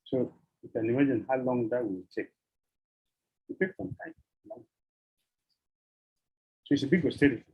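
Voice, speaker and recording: Husky man giving a devotional sermon. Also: medium pitch, normal speed, long pauses, muffled recording. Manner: repeats phrases, chuckles, uses devotional terms. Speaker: swami giving a scripture lecture.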